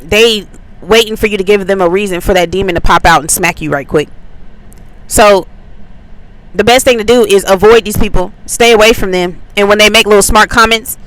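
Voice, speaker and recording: Bright-voiced woman telling a story. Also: medium pitch, brisk, low-quality recording. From Atlanta, USA. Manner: chatty storytelling with many likes and ums. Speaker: faith channel host. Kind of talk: casual spiritual testimony.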